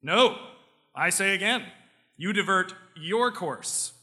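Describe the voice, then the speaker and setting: A preacher doing a dry, unbothered lighthouse keeper. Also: male voice, on the high side, animated, normal speed, bright, forceful tone, long reverb tail, pitched above the performer's own voice.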